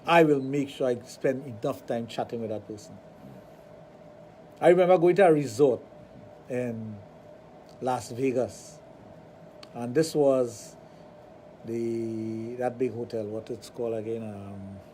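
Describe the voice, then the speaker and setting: A man's voice: mid-range voice, a little slow, pauses often, warm tone, a little hiss or hum. A man with a Trinidadian accent, hosting a radio talk show and telling a long rambling personal anecdote. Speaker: radio show host, sex therapist.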